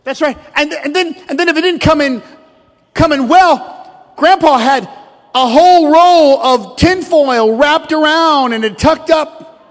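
High-voiced preacher joking with his congregation. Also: a little slow, in a large hall. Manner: storytelling, joking, calls out to the congregation. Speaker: pastor. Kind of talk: sermon. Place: church sanctuary.

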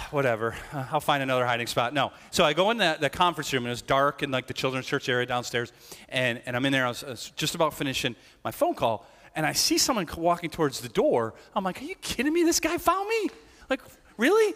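Middle-aged man, pastor, chatty storytelling sermon, regular pitch, long church-hall reverb. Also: lively intonation, fast talker, a bit bright. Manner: conversational storytelling with asides to the congregation. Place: church sanctuary.

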